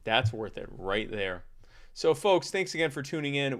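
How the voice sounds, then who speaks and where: A man's voice: lowish voice, animated, fast talker, creaky, fairly bright tone. A man co-hosting a podcast in casual chat, joking and tossing off mumbled asides. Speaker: podcast co-host.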